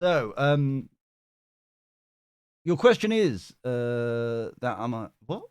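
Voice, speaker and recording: A man's voice: mid-range voice, big pitch swings, slow pace, a little mellow, clear, resonant tone, dry recording. A man hosting a live tarot stream, chatting casually, laughing often and swearing now and then as he reads out chat. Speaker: tarot reader and stream host.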